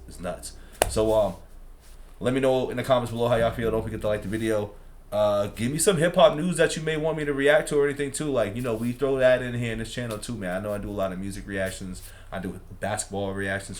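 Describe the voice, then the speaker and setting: A man's voice: fairly low pitch, a little hiss or hum. A young man hosting a reaction channel, talking in a laid-back, slangy, rambling way. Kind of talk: casual reaction commentary.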